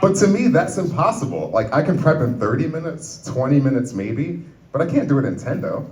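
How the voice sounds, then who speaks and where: A man performing a pun-filled stand-up routine on a comedy club stage, telling a story and putting on quick voices for his family. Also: medium pitch, big pitch swings, very noisy. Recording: roomy club recording from far off, loud crowd.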